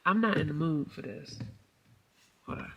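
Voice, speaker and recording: A middle-aged woman vlogging casually to her viewers, telling a family story and acting out the quoted lines with sudden high-pitched outbursts. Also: normal speed, vocal fry, breathy edge, no echo, recorded from a distance, muffled recording. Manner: animated storytelling, acts out quotes with big pitch jumps. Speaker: mommy vlogger. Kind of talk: casual vlog talk.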